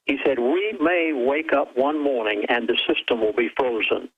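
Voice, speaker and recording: A man's voice: mid-range voice, normal speed, breathy edge, no room sound, phone-quality sound. A man who is a guest on a call-in radio show, speaking urgently and dramatically while quoting a source word for word.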